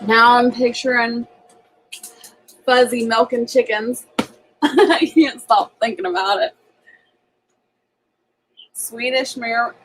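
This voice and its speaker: A woman's voice: a little high, steady tone, takes it slowly, long pauses, fairly bright tone, slight background noise, rough recording. A woman hosting a homestead channel, chatting casually on a live stream from her home kitchen and laughing often as she reads viewer comments.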